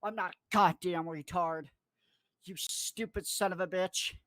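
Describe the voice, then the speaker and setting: A man in a furious, profanity-laden livestream rant, cursing, threatening and mocking people in a squeaky put-on voice. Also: steady tone, unhurried, fairly bright tone, no room sound. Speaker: online commentator.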